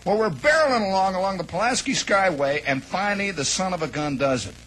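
High-pitched midwest guy telling a wild story, all worked up, doing the voices, bit of hiss behind. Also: a little fast, low-quality recording. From American Midwest. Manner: animated, rambling, acts out shouts and quotes. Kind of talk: spoken anecdote, radio monologue.

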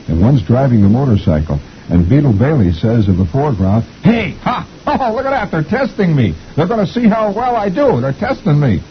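Reading the comics aloud, this middle-aged host keeps things chatty, folksy and rambling, laughing frequently. His voice sits low, with the highs cut off and a little noise in the background.

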